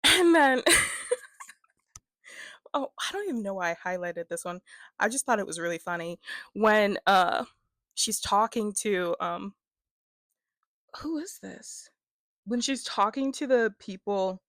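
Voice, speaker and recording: Young female book vlogger, casual and chatty, mid-pitched, dry close recording. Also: animated, slow, pauses often, fairly bright tone, dry recording. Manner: chatty, leans on filler words, laughs often. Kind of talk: casual book review chat.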